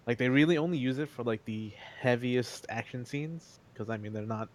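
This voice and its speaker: Male podcast co-host, steady mid voice, measured explainer. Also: mid-range voice. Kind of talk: casual chat.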